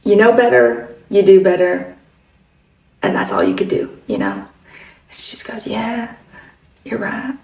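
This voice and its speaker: A woman casually telling a story about a talk in a shop, dropping to a hush when she quotes others and laughing often. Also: lowish voice, very animated, measured pace, long pauses. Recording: roomy, from far off.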